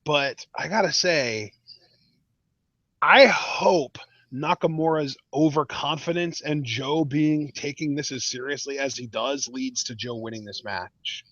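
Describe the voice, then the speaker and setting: A man's voice: mid-range voice, a little slow, a bit bright, no room sound. A man co-hosting a podcast in casual chat, talking things through analytically with frequent restarts. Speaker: podcast co-host. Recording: dull, dry lo-fi mic.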